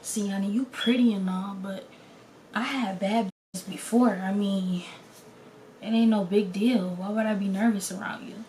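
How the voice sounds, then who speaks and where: A bored young man mumbles low and offhand, as a woman mimics him in a storytime video. He sounds dismissive and can't be bothered to talk. His voice is quieter than the storyteller's. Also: fairly even intonation, moderate pace, slight background noise, natural voice.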